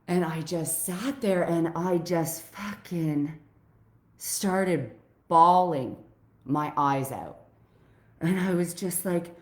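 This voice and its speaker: A woman's voice: lowish voice, slow pace, roomy sound. A woman life coach talking raw and heartfelt to her viewers, swearing freely as she opens up about old pain. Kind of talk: emotional personal vlog to viewers.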